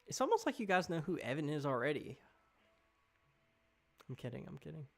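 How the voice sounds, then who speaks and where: A man's voice: fairly high pitch, very animated, a little fast, vocal fry, soft background music. A young man chatting on a live stream, rambling casually and reading out comments from chat.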